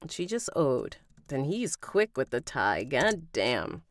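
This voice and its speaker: Slow, low-voiced woman reading an audiobook. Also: very animated, no echo, studio quality. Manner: rereads lines, stops to comment and laugh at herself. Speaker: audiobook narrator. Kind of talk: live-streamed audiobook recording with asides.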